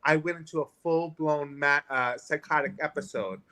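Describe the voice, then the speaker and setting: A man in his thirties, a guest in a restaurant, telling a personal story in an animated, candid way and acting out other people's voices. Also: fairly high pitch, normal speed, crowd noise. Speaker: guest author.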